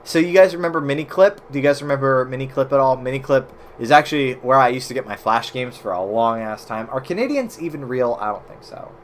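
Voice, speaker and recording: American man, casual gaming chatter, average pitch, slight background noise. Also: lively intonation, fast, hardly any pauses. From United States. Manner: chatty, swears casually, reacts loudly to the game. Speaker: streamer.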